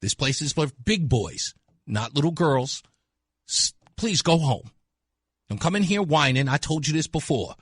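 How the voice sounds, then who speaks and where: Male talk radio host, mocking and scornful, bright and animated, dry studio mic. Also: on the high side, a little slow, slightly rough, no echo. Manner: mocking, scornful, laughs at callers.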